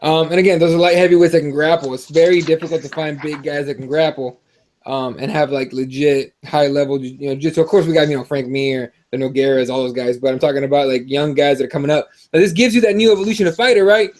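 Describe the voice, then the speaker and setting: A man hosting a casual fight-preview show, animated and swearing freely as he rants. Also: on the high side, fast talker. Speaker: podcast host. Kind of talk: profane casual fight talk.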